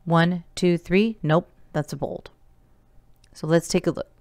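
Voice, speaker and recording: A woman's voice: on the low side, fairly even intonation, measured pace, a little mellow, dry recording. A woman teacher giving a recorded remote lesson, explaining each step patiently and counting elements aloud.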